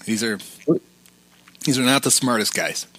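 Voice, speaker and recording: A man's voice: medium pitch, normal speed, fairly bright tone, dry recording. A man hosting a podcast, casually retelling film scenes and quoting lines. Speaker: podcast host.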